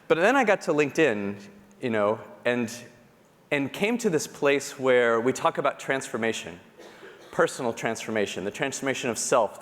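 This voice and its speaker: A man giving a keynote talk, telling personal stories in an animated, self-deprecating way and acting out the people he quotes. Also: medium pitch. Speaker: conference speaker. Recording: long hall reverb.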